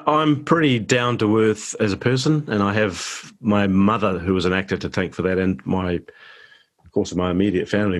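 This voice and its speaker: Middle-aged kiwi guy, lowish voice, laid back rambling interview chat. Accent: New Zealand. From New Zealand. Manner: relaxed, rambling, self-deprecating. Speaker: guest actor.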